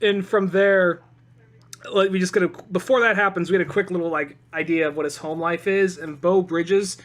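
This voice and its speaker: A man's voice: sits high, steady tone, normal speed. A man co-hosting a podcast, rambling casually about an old movie and acting out its lines with plenty of swearing. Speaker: podcast co-host.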